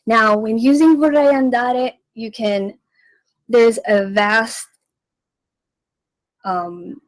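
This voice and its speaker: A woman hosting a radio language lesson, teaching slowly and repeating each phrase so listeners can follow. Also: a little high, fairly even intonation, no echo, poor audio. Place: radio studio.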